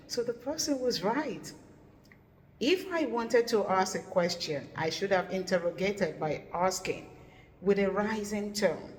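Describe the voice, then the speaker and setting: A woman teaching English intonation, telling a story and acting out the lines she quotes. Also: mid-range voice. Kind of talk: teaching intonation with a personal anecdote. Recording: echoey room with long reverb.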